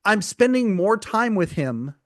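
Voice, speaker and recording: A man's voice: high voice, big pitch swings, measured pace, a bit bright, no room sound. A middle-aged man, hosting a podcast in casual chat, joking and candid, laughing often. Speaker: podcast host.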